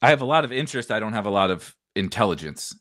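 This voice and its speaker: Low-voiced joking male co-host. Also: lively intonation, quick pace, a bit bright. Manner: joking, mock-exasperated banter. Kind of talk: casual sports betting chat.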